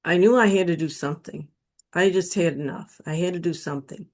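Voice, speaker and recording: A middle-aged woman from Western New York slowly telling a personal spiritual testimony, emotional and earnest. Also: lowish voice, a little mellow. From Western New York State. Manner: slow, emotional, pleading when quoting her prayers. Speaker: guest telling her near-death experience story.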